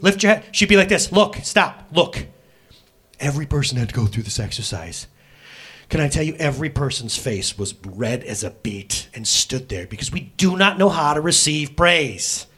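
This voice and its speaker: A man preaching a sermon as a pastor, talking straight to his congregation in a conversational way, with jokey asides and quick self-corrections. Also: on the high side, a bit bright, husky.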